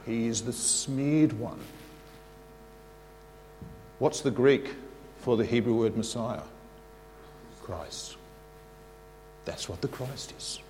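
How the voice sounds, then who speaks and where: A man preaching a sermon, animated and leading the congregation in call-and-response. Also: medium pitch, takes it slowly, long pauses, a little hiss or hum. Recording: long reverb of a large hall.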